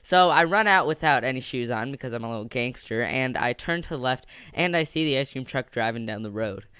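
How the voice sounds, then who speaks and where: Young male storyteller, rambling comic delivery, bright smooth voice. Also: medium pitch, expressive, brisk, dry recording. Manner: rambling, jokey, full of filler words. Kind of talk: casual storytime narration.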